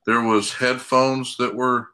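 A man's voice: mid-range voice, steady tone, slow pace, bright, forceful tone. A man in a casual movie chat, talking bluntly and pushing back with examples. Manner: blunt, swears, argues points.

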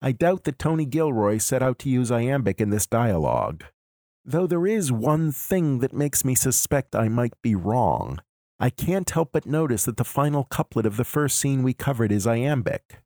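Male podcast host, analytical lecturer, even middle voice, dry booth sound. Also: medium pitch, dry recording. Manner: measured, explanatory.

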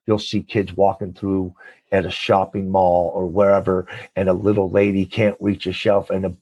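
A man talks as an interview guest in a low-pitched voice, animated and sermon-like, leaping high in pitch for emphasis. The recording is dry and close, with no room sound. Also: moderate pace, slightly rough, no room sound, muffled recording. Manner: animated, preacher-like call-and-response with sudden high jumps. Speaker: guest, nonprofit leader and coach. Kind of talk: enthusiastic interview talk.

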